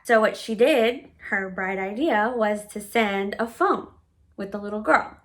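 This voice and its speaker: A woman recounting a personal story for her channel with a slightly high voice. She talks bluntly and casually, with frequent fillers and profanity. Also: moderate pace, a bit bright. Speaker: vlogger. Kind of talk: storytime vlog.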